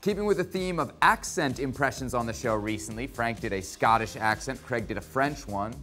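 Teasing brisk male sports host. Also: medium pitch, lively intonation, sharp tone, faint music behind. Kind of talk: hosting a sports talk show.

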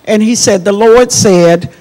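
A middle-aged woman minister hosting a faith talk show, speaking in a measured, teaching tone and telling family stories. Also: medium pitch, warm tone.

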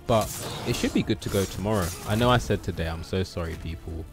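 A man's voice: sits low, fast, over music. A man streaming gameplay, muttering to himself and swearing in frustration. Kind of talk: casual live gameplay commentary.

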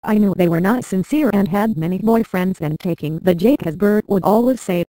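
A computer-generated woman's voice reading a memoir aloud in a flat, synthetic way with odd word stresses. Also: medium pitch, normal speed, no room sound, rough recording. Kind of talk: text-to-speech narration of a memoir.

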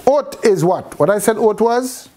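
A man's voice: high voice, lively intonation, warm tone, slight background noise. Man teaching Hebrew, quizzing his class. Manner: asks questions of the class, pauses and restarts. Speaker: Bible teacher.

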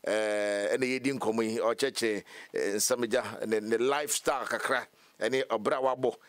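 A man's voice: mid-range voice, fairly even intonation, moderate pace. A Ghanaian man hosts a radio talk show, reading out listener messages and contact numbers. His voice sits in the middle of the male range. The sound is close and dry, with no room echo. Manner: reads listener messages and phone numbers aloud, brief acknowledgements. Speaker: radio host. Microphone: studio mic.

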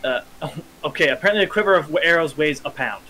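A man's voice: on the high side, quick pace, sharp tone, a little hiss or hum, poor audio. A man running a tabletop game as game master, hesitant and restarting as he checks rules. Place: home streaming setup.

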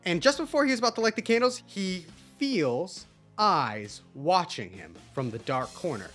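A man hosts a livestream and tells a playful story casually, his voice rising and falling with lots of life. Faint music sits quietly behind him. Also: sits high, very animated, normal speed. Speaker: livestream host.

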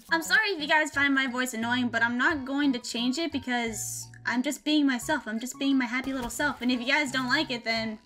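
Bubbly, high-voiced young woman gamer. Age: young adult. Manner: bubbly, excitable, upbeat. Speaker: gaming YouTuber. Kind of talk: gameplay commentary vlog. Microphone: desk mic, levels set too high.

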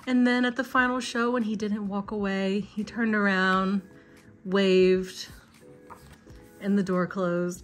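A woman's voice: mid-range voice, moderate pace, soft background music. A young woman chatting casually and gushing emotionally as she unboxes fan merchandise. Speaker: vlogger.

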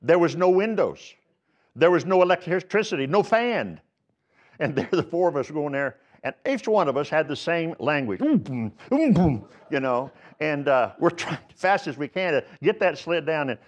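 A man's voice: fairly high pitch, lively intonation, normal speed, dull audio. A man preaching a sermon as pastor, telling folksy stories and building to emphatic exhortations. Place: church sanctuary.

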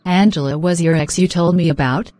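A woman's voice: on the low side, fairly quick, no room sound, lightly acted. A woman voicing an exasperated, fretful young fiancée. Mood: shocked. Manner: exasperated, sharp-tongued, fretful. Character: flustered, anxious young fiancée. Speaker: voice actor in animated drama.

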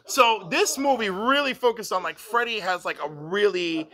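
Animated woman reviewing a film. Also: moderate pace. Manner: animated, retells scenes and acts out characters' lines in a higher voice. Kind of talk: casual chat reviewing a film.

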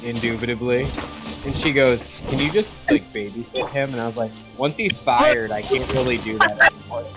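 Casual male gamer, mid-pitched, storytelling over game music. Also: animated, brisk, few pauses. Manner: laid-back storyteller, frequent swearing. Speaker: gaming group member. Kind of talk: casual gaming chat.

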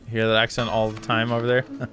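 A man's voice: on the low side, monotone, quick pace, a bit bright, faint music behind. A man casually commenting while playing a video game, laid-back and muttering asides to himself. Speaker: let's play gamer.

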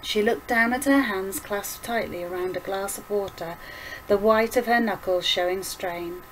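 A woman teacher reading a children's novel aloud in a calm, steady storytelling manner. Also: medium pitch, moderate pace, a little hiss or hum, low-quality recording.

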